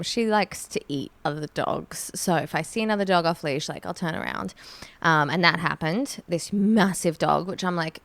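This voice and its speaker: A woman's voice: on the low side, no room sound. A young woman hosting a podcast, telling a story with lots of laughs and some swearing. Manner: animated storyteller who laughs a lot and swears. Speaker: podcast host. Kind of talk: casual chat, telling a story.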